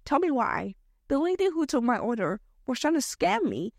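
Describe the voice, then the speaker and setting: A woman's voice: sits high, moderate pace, vocal fry, no echo. Chatty young woman, dry close sound. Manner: chatty, slangy and expressive, jumping between topics. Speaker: podcast host. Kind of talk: casual solo podcast chat.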